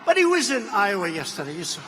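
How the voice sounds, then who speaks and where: A man speaks at a political rally in a high, bright and forceful voice. He is emphatic and repetitive, often shouting, and drops in mocking asides. His words ring with the long reverb of a big hall. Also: big pitch swings, fast talker, slight background noise. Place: large rally venue.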